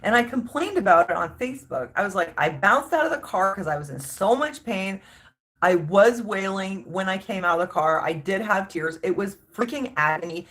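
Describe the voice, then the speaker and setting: A woman's voice: mid-range voice, lively intonation, moderate pace, fairly bright tone. A woman vlogger telling a story in a casual, emphatic rant, exasperated and full of restarts.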